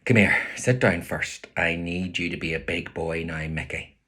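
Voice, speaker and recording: A man with a Belfast accent voicing a sharp-tongued, protective working-class mother, blunt and scolding. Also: deep voice, moderate pace. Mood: coaxing.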